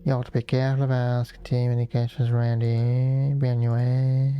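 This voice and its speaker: A man's voice: mid-range voice, level tone, fairly quick, highs cut off, a little hiss or hum, close to an everyday voice. A man doing a surly threatening villager. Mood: menacing. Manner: curt, threatening. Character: surly suspicious male villager.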